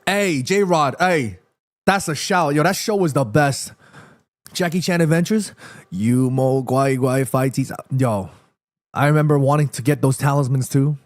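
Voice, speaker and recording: A man's voice: on the high side, measured pace. A man hosting a live football watchalong, chatting to viewers and reacting to the match as it happens. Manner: chatty, addresses viewers directly, reads chat aloud.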